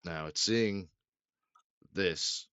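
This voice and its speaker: A man's voice: sits low, drawn-out words, sharp tone, clear, resonant tone, no echo. A man narrating as game master in a loose, swearing, laugh-prone way, recorded on a dull lo-fi mic.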